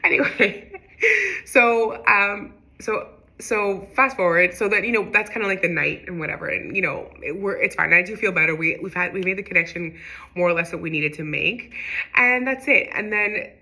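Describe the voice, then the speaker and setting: A woman's voice: medium pitch, expressive, moderate pace, pushed and bright. A young woman telling a long personal story in casual, rambling talk, full of fillers and restarts. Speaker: spiritual vlogger.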